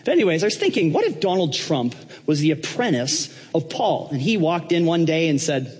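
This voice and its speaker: A man's voice: fairly high pitch, very animated, brisk, noisy background. A man preaching a humorous sermon in a church, talking conversationally and checking in with the congregation. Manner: joking, conversational, checks in with the audience. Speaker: pastor. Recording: reverberant church hall.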